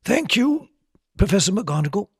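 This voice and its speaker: A man voicing a kindly, whimsical old wizard headmaster who speaks gently and wryly. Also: sits high, very animated, moderate pace, slightly rough, no echo, clean studio sound, pitched above the performer's own voice, exaggerated voice. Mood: gentle.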